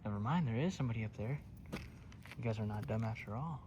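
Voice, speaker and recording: A young man rambling in a laid-back way, often keeping his voice low, in a casual outdoor hunting vlog. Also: fairly quick. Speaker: hunting vlogger. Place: outdoors in woods by a food plot. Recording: outdoor noise behind. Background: outdoor noise.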